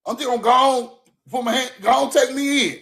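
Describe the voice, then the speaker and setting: A man ranting loudly on a livestream from home, swearing, repeating "bro" and laughing between points. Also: very high-pitched, fairly even intonation, fairly quick, vocal fry. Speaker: livestream host. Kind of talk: heated livestream rant.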